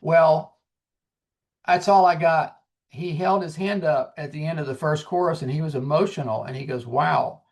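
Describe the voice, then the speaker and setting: A man in his sixties, a singer-songwriter guest, telling his story in an earnest, animated way and acting out the dialogue. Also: on the high side, normal speed. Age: 60s. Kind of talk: casual storytelling.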